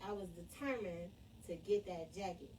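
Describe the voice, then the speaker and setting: A woman's voice: fairly low pitch, normal speed, mellow. A middle-aged woman in casual chat, laughing and getting emotional while telling a story about her husband. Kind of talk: casual chat on a live stream. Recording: distant mic with faint background noise.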